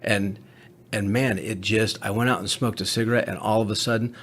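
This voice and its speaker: Husky, blunt paramedic storyteller, man. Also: lowish voice, fairly even intonation, fairly quick, fairly bright tone. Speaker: paramedic co-host. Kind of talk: candid podcast conversation.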